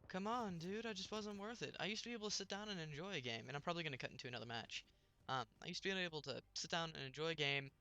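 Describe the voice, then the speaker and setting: A man's voice: on the high side, animated, rapid-fire, pushed and bright, smooth. A young man telling a rambling story while commenting on his gameplay, with many restarts.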